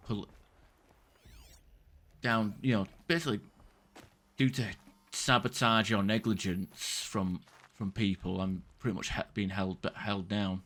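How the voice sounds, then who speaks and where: A man's voice: sits low, fairly bright tone. A man streaming a game, rambling casually and venting in frustration, with occasional swearing. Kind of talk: casual gameplay chat.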